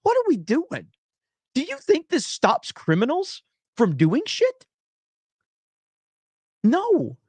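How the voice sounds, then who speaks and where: Profane ranting man, fairly high voice. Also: no echo. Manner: profane, blunt, fast bursts of ranting. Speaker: livestream host reading chat. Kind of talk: ranting livestream chat.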